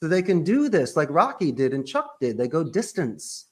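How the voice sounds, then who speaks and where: A man's voice: fairly high pitch, very animated, normal speed, slightly rough. A man who owns a call center, talking as a podcast guest in an emphatic, punchy way that is full of sports and pop-culture references. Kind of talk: animated interview talk.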